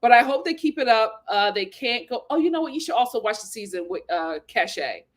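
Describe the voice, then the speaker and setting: High-voiced animated woman recap host. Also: a little fast. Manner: animated, exclamatory, laughs often. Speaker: host of a reality TV recap channel. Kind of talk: casual live recap chat, reading viewer comments.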